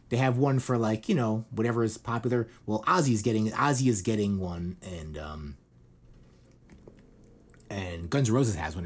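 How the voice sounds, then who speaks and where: Rambling, irreverent middle-aged man. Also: mid-range voice. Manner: rambling, irreverent, swearing, many fillers. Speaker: podcast host. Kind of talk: casual news chat.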